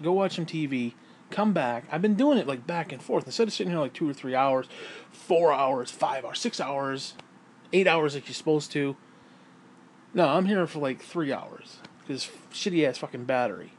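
A man's voice: fairly high pitch, a little hiss or hum. A man lying in bed, telling rambling, profanity-laced stories in a casual vlog and laughing at his own tales. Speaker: vlogger and self-published author.

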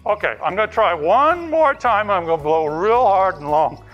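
A bumbling forest ranger, played by a man in a kids' church video skit, rambling along with endless yeahs and uh-huhs. His voice sits high and swoops up and down. There is light music behind him. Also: expressive, moderate pace, muffled recording. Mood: goofy. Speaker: children's ministry character.

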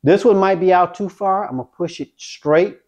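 Guy rolling dice at home and calling every throw, kinda high voice, pumped. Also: normal speed. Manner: excited, talks folks through each throw. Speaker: dice-control craps vlogger. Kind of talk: casual play-by-play while throwing dice.

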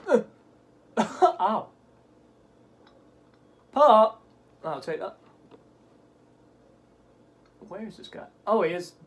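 A man commentating a golf video game, swearing often and yelping at bad bounces, his voice cracking into high squeaks. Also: animated, takes it slowly. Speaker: gaming channel host. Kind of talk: let's play commentary.

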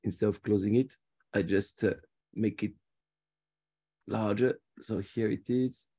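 A man's voice: on the low side, steady tone, unhurried, mellow, slightly rough. French man guiding a virtual tour. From France. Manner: chatty, restarts often. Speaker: tour guide. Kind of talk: live virtual tour talk. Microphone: video call.

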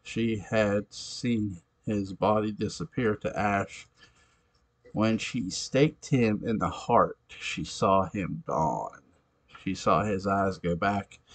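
A man reading a fan story aloud, slowly, with halting delivery and frequent self-corrections. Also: on the low side. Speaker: story reader.

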